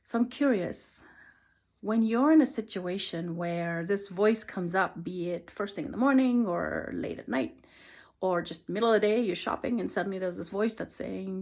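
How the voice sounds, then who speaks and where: A woman who works as a transformational teacher, gently and earnestly talking through her thoughts in a reflective monologue. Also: mid-range voice, normal speed. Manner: earnest and gentle, speaks affirmations softly.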